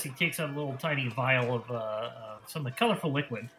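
A man's voice: mid-range voice, fairly quick, a bit bright, poor audio. A man narrating as dungeon master in a casual tabletop game session.

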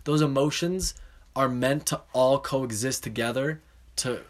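A man musing out loud in a casual podcast chat, with "like" in nearly every sentence. He sinks low and soft as he reflects. His pitch sits in a middle range. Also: measured pace. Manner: heavy "like" filler, drops low and soft when reflecting. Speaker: podcast co-host.

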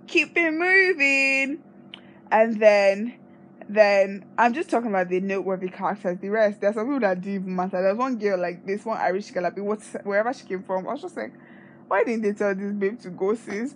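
A young woman hosting a podcast, chatting casually and gossiping about a reality TV show with lively asides and playful mock voices. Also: mid-range voice, a little hiss or hum. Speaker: podcast host. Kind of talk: casual chat reviewing reality TV.

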